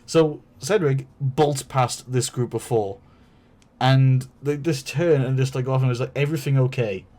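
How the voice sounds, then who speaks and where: A man's voice: mid-range voice, unhurried, mellow. A man streaming, telling a long story casually with many fillers, restarts and swearing.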